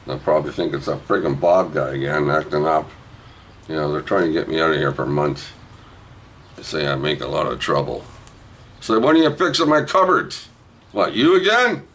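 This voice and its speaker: Brief: deep-voiced man, rambling joker selling a comic at home, faint hiss behind. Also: rough recording. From Canada. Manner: jokey, rambling, swings from low mutters to loud hype. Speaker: vlogger auctioning a comic book. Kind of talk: rambling casual sales pitch.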